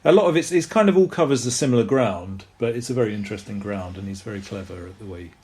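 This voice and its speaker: A man's voice: fairly low pitch, animated, quick pace, darkish tone, slightly rough. A man from Orpington, co-hosting a casual podcast with a wry, joking manner, often hedging his points. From England, Orpington. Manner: wry, joking, hedges with "I think" and "um". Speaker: podcast co-host. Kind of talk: casual chat.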